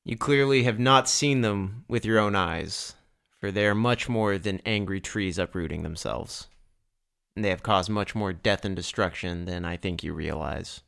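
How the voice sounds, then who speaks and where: A man's voice: sits low, moderate pace, gravelly, a bit bright. A man voicing a young village governor who speaks formally and courteously, in a tabletop game.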